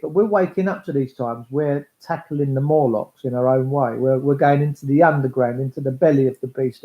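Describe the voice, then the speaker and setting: A man talking in a rambling monologue, blunt and coarse, swearing freely and acting out voices. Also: a little high. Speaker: speaker addressing listeners. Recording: echoey, dull lo-fi recording.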